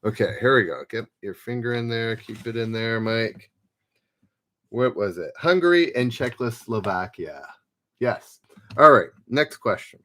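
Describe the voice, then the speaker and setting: A man's voice: mid-range voice, animated, a little slow, fairly bright tone. A man hosting a live-streamed pub quiz, reading questions aloud and chatting as he calls out players' names. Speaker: trivia quiz host.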